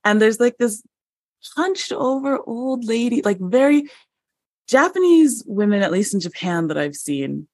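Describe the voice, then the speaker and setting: A woman guest on a podcast, telling a story in an animated, chatty way with many fillers and laughs. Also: fairly high pitch, unhurried, dry recording, clean studio sound. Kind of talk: conversational storytelling.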